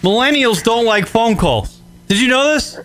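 A man's voice: extremely high pitch, lively intonation, normal speed, voice pushed up. A man putting on a pompous news anchor voice, drawing his words out in a mock announcer style. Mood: mock-grand.

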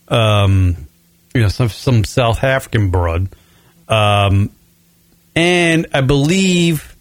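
A man's voice: medium pitch, no echo. A young American man hosting a radio show, ranting crudely and bluntly and drawing out words for emphasis. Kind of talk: profane ranting commentary.

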